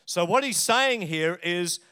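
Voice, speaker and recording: A man's voice: high voice, lively intonation, a little slow, bright, forceful tone, clear, resonant tone. A middle-aged man with an Australian accent, preaching a conversational sermon and telling stories with jokes along the way. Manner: chatty, joking storyteller. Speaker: pastor.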